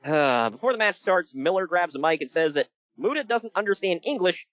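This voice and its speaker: A high-pitched man talks a little fast as he co-hosts a casual podcast, joking, laughing frequently and staying animated while recapping wrestling. There's no echo, but the highs are cut off.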